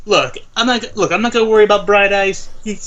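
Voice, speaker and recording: A man at a tabletop game table trades teasing, joking banter with the other players. His voice is high for a man and very bright. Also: fast, dull audio.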